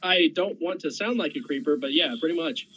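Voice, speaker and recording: A man's voice: high voice, sing-song, fairly quick, vocal fry, fairly bright tone, slightly rough, poor audio. A man chatting as a guest on a live stream, with dry, self-deprecating humor. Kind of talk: casual chat.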